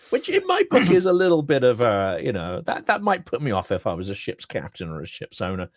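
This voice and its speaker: A man hosts a talk podcast, leading the interview with wry, dry-humored remarks. His pitch swings widely as he talks, and the recording is dry and close with no room sound. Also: brisk, hardly any pauses, no room sound. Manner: wry and expressive, with dry asides. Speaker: podcast host. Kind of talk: interview questions and commentary.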